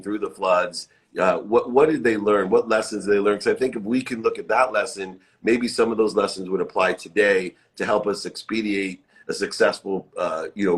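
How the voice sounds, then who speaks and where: A middle-aged man hosting a live motivational chat, effusive and upbeat, repeating uplifting phrases. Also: on the low side. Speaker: live show host. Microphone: phone or webcam live stream.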